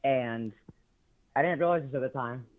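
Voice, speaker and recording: A teenage male caller telling a story with many pauses and fillers. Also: medium pitch. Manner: hesitant, many ums and uhs. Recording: tinny phone line.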